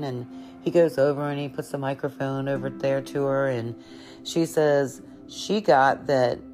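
A woman's voice: rumbling low, darkish tone. A middle-aged woman telling a personal spiritual story in a candid, conversational way, with fillers and self-corrections. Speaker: podcast host.

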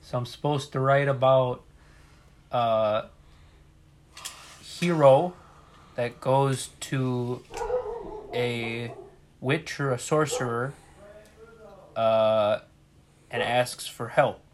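Slow, halting young man, deadpan. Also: mid-range voice, noisy background. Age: young adult. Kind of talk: casual chat.

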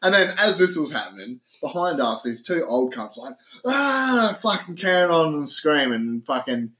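A young man telling a story on a casual podcast. He talks in a lively way, swears a lot and acts out what people said loudly. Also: on the high side, moderate pace, a little hiss or hum. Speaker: podcast host. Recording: echoey room.

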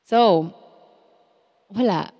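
Young Filipino woman, podcast host, sincere and loose, mid-pitched, reverberant room. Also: drawn-out words, husky, dull audio. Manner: heartfelt, code-switching, many fillers like "you know". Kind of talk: personal podcast monologue.

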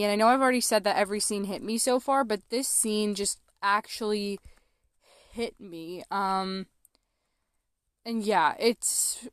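A woman's voice: medium pitch, a bit bright, clear, resonant tone, dry recording, studio quality. A young woman hosting a movie podcast, talking casually and emotionally, rambling with lots of fillers. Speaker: podcast host.

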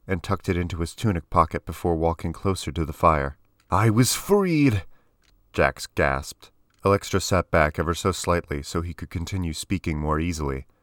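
A man narrates a story in a measured, even audiobook style. His voice is very deep and low. The sound is dry and close, with no room around it. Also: dry recording.

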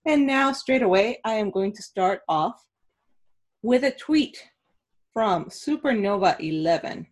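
A woman in her thirties co-hosts a casual podcast. She tells her stories in an animated, excitable way, and her voice jumps up whenever she gets worked up. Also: medium pitch, unhurried. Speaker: podcast co-host. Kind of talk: casual chat.

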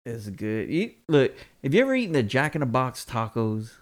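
A man in casual chat, telling a laid-back, profane story at a drawn-out pace. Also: mid-range voice, big pitch swings.

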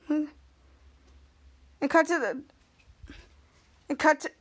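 Very high-pitched woman rambling through a recap. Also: moderate pace. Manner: rambling, repeats "cut to" and "somehow"; acts out characters' lines excitedly. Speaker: podcast host. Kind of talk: casual episode recap.

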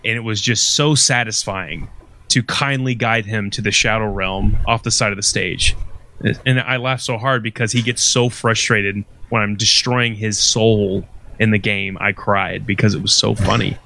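A man's voice: lowish voice, steady tone, moderate pace, creaky, pushed and bright, slight background noise. A man in a casual podcast chat, telling a gaming memory and reacting eagerly to the others. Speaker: co-host.

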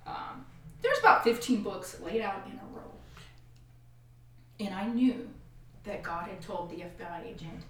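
A woman guest on a podcast, telling a painful personal story in an animated way and acting out the voices of other people. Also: medium pitch, measured pace, long pauses, slight background noise. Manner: animated, acts out quoted voices, frequent laughs. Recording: far-off echoey room mic.

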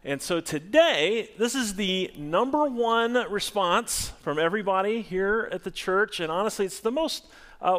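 A male pastor delivering a sermon in a church, his voice swinging widely up and down as he preaches. He speaks at an unhurried pace, drawing out key phrases, then breaks into loud, excited bursts. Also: high voice.

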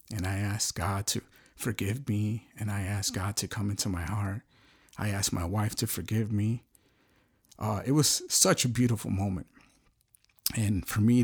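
A middle-aged man giving an earnest, halting personal testimony, often searching for words. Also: on the low side, breathy edge. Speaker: storyteller sharing a personal testimony.

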